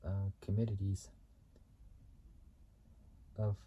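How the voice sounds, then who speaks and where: A man hosting his own video channel, reading car facts in a halting way, often restarting and repeating phrases and correcting himself. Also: on the low side, steady tone, warm tone, slightly rough, rough recording. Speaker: YouTube channel host.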